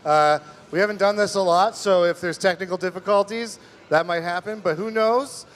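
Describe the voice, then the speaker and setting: A man's voice: high voice, moderate pace. A man hosting a live show, announcing the next segment loosely with many fillers. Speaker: host.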